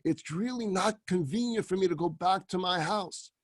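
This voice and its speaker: A man's voice: high voice, normal speed, dry recording, studio quality, pitched above the performer's own voice. A man voicing a bewildered woman on the phone who stammers as she speaks. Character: flustered middle-aged woman on the phone.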